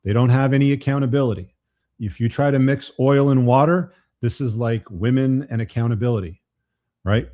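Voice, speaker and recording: A man's voice: mid-range voice, warm tone. A man hosting a live commentary show, talking bluntly with frequent profanity. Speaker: host.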